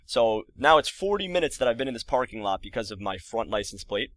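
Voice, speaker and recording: A man's voice: mid-range voice, very animated, fairly bright tone, dry recording. Exasperated young man telling a story. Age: early 20s. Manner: exasperated, rambling retelling with quick asides. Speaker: vlogger. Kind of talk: casual storytelling to camera.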